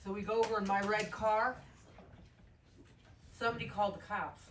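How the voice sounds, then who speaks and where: A woman's voice: medium pitch, fairly even intonation, moderate pace. A woman sharing memories at a memorial service, chatty and often laughing as she tells her stories. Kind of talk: informal eulogy storytelling. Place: memorial service gathering, indoors. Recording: echoey room from far off, loud noise.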